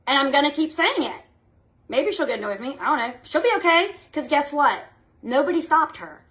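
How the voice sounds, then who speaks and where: High-voiced chatty woman. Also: animated, quick pace, fairly bright tone. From United States. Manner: chatty, peppered with "okay?". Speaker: team leader. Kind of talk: motivational live talk to her team.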